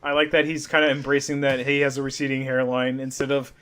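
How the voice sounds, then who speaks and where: A man's voice: mid-range voice, completely flat delivery, fast, a bit bright, smooth. A young man co-hosting a casual wrestling podcast, joking, swearing and mimicking people in silly voices. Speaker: podcast co-host.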